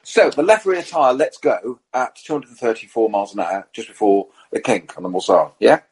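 A man telling lively anecdotes in a relaxed podcast chat, acting out the quotes in his stories. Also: mid-range voice, moderate pace, slightly rough, low-quality recording. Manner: animated storyteller, acts out quotes.

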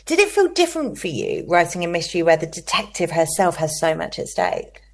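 Woman host, low and animated voice, keen questions. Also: fairly quick. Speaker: interviewer. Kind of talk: interview questions.

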